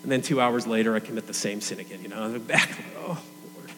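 A man's voice: fairly low pitch, fairly even intonation, racing, long reverb tail, a little hiss or hum. A young adult man preaching a sermon in a conversational, earnest way.

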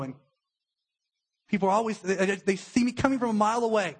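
A young adult man, a pastor, giving a conversational sermon with a husky voice and acted-out quotes. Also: sits high, quick pace, long pauses. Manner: conversational preaching with acted-out quotes, emotional at times.

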